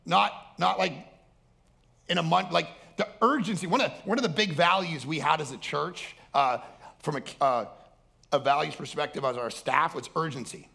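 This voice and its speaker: A male pastor preaching with a high-set, sharp and bright voice that has a gravelly edge. He talks loudly and in an animated way, throwing himself into an energetic sermon. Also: moderate pace. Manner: animated, loud, acts out other people's voices.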